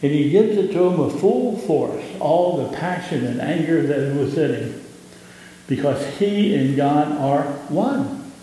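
A man with a Southern US accent, a pastor giving an impassioned sermon that rises in pitch on key points. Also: animated, a little slow, dark tone, slight background noise. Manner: impassioned preaching, rising in pitch on emphasis. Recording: echoey hall with long reverb.

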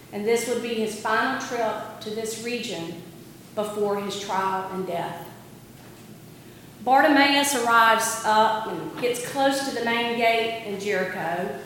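A woman preaching a sermon, retelling a story slowly and deliberately with dramatic emphasis. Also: mid-range voice, fairly bright tone, a little hiss or hum. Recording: echoey hall, long reverb, faint ambience.

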